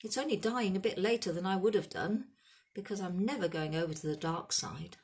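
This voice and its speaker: A woman's voice: on the low side, fairly quick, voice pushed up, lightly acted. A woman voicing a bold eleven-year-old boy wizard in a storybook reading, talking urgently and intensely. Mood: impassioned.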